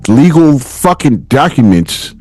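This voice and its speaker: A man's voice: mid-range voice, sing-song, slow, darkish tone, slightly rough, no echo, faint music behind. A young American man hosting a solo podcast, ranting casually and profanely and laughing often. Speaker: podcast host.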